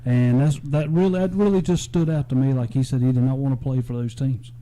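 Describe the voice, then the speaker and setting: A man co-hosting a casual radio sports talk show, chatty and quick with asides and questions to his co-host. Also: medium pitch, fairly even intonation, warm tone, rough recording.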